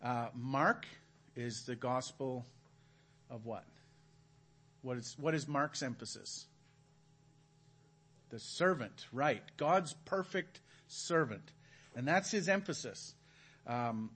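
A man's voice: mid-range voice, slow pace, long pauses, a bit bright, slightly rough. A man preaching at a chapel, teaching from the Gospels in a conversational way and putting questions to his listeners. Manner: asks the audience questions, conversational. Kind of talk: Bible teaching. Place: church hall.

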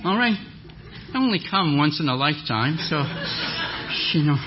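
A man preaching a sermon as a guest speaker, telling a lively story and acting out the voices of the people in it. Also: fairly high pitch, normal speed, muffled recording, noisy background. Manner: animated storyteller, acts out quoted voices. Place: church hall.

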